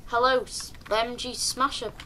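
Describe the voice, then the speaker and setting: A young woman, chatting through live gameplay commentary with sudden excited yelps and calls to her teammates. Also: on the high side, unhurried, noisy background. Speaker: streamer.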